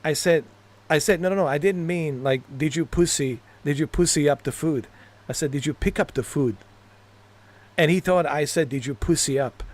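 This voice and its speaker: A man's voice: on the high side, normal speed. A man streaming games, telling rambling stories in casual chat, laughing at his own jokes and cursing freely. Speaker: gaming streamer.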